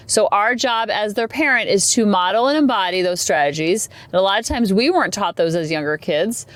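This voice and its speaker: A woman in her forties hosting a parenting podcast, talking casually in a chatty, rambling way with animated asides. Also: medium pitch, no echo. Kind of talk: casual solo podcast talk.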